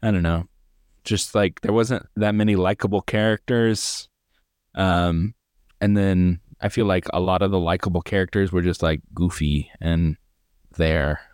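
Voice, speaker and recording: A man's voice: low-pitched, fairly even intonation, measured pace, darkish tone, smooth, no echo, clean studio sound. A man co-hosting a podcast, chatting casually and sarcastically about a movie he found goofy, rambling with fillers and mocking the characters. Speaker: podcast co-host. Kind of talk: casual movie review chat.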